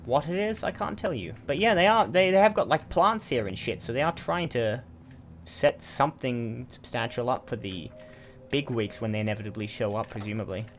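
A man's voice: medium pitch, lively intonation, normal speed, slight background noise. A man hosting a let's play, giving chatty, casual commentary and thinking aloud with asides as he plays.

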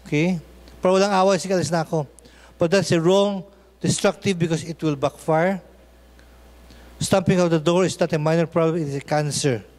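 A man's voice: on the high side, steady tone, brisk, a little mellow, long reverb tail. A man with a Filipino accent preaching a sermon as pastor, often mixing in Tagalog and checking in with "okay?". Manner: switches between English and Tagalog, asks "okay?" often. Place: church.

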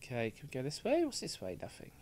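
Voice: medium pitch, wildly swooping pitch, quick pace, a little mellow, slight background noise. A gaming streamer with a British accent, giving sweary, jumpy, chatty commentary over a game. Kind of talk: let's play commentary.

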